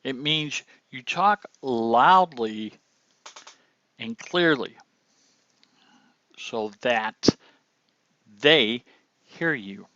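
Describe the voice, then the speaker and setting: Older guy teaching acting, slow and bright, dry muffled recording. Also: medium pitch, animated, dry recording. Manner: slow, explanatory, acts out lines to demonstrate delivery. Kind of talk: classroom lecture on acting.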